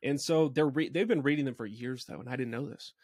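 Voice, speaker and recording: A man's voice: medium pitch, fast talker, a little mellow, slightly rough, no echo, studio quality. A man who hosts a podcast and is a pastor, chatting casually. He tells stories wryly and acts out the reactions he quotes. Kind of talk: casual conversation.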